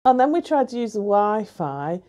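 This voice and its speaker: A woman's voice: medium pitch, very animated, moderate pace, mellow. A woman chatting casually in a hotel room, complaining as she tells a long story about a bad stay. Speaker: reviewer. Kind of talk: casual chat.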